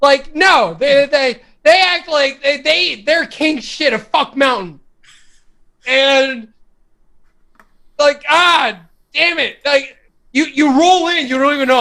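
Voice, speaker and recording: A man from Canada, a guest on a casual livestream chat, talking in a profane, animated way. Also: very high-pitched, slow pace, creaky.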